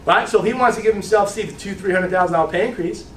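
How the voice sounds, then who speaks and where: A man giving a casual, animated business training talk to a group, blunt and swearing freely, often checking in with "right?". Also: high-pitched, quick pace, slight background noise. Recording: echoey room, mic far off.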